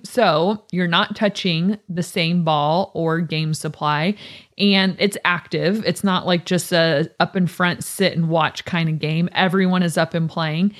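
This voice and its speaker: A woman co-hosting a podcast, talking in a chatty, animated way and laughing often. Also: lowish voice. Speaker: podcast co-host. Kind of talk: casual podcast chat.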